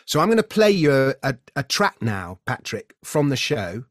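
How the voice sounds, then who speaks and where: A man's voice: mid-range voice, sing-song, normal speed, no room sound, clean studio sound. A middle-aged man from England, a podcast guest earnestly recounting a family story in conversational style, often correcting himself mid-sentence. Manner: earnest, vivid storyteller with frequent self-corrections. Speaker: podcast guest, creator of a stage show.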